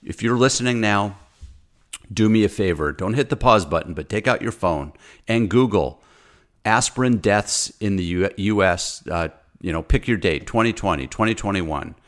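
A deep-voiced man ranting with heated insistence on a talk show. He is a physician, and his speech is forceful and repetitive, with stumbles and restarts as he drives each point home. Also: animated, moderate pace. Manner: angry, insistent, repeats words. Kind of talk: impassioned talk-show rant.

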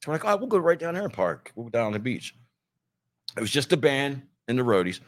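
A man's voice: medium pitch, big pitch swings, quick pace. A middle-aged man from Ohio telling a band road story in casual chat, easygoing and quoting people in dialogue. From Ohio, near Youngstown.

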